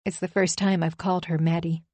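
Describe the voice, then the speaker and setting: Woman reading a thriller audiobook, tense and emphatic, lowish voice, dry close mic. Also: flat delivery, brisk, warm tone, dry recording. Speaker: audiobook narrator. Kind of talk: first-person thriller narration.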